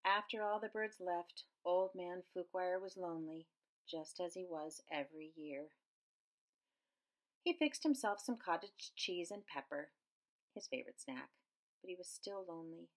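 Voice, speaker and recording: Expressive woman reading a children's book. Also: measured pace. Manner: expressive, with big swings in pitch and loudness. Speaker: storyteller. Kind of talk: children's book read-aloud.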